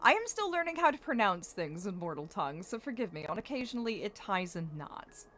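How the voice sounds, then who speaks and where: A woman's voice: mid-range voice, big pitch swings, a little fast, fairly bright tone. A woman streaming a game, chatting casually and theorizing in a playfully dramatic way.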